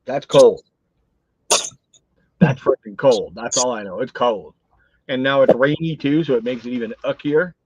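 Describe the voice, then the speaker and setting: A man's voice: medium pitch, normal speed, pauses often, a little mellow, slightly rough, dry recording, muffled recording. A middle-aged man with a Canadian accent hosting a casual card-breaking live stream, blunt and grumbling. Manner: blunt, grumbles about the weather.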